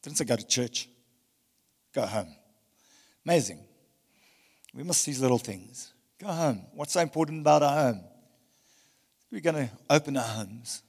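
A male pastor preaching a passionate sermon, swinging between loud emphasis and hushed tones. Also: medium pitch, animated, unhurried, creaky, pauses often, slightly rough, in a large hall. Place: church hall.

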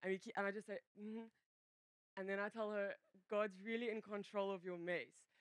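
A woman sharing a personal testimony in a church, talking in loose, self-interrupting runs full of fillers. Her voice sits in an ordinary middle pitch. The sound is dry and close, with almost no room echo. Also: steady tone, brisk, clear, resonant tone. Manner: rambling, self-interrupting storyteller, many fillers. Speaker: church member giving a testimony.

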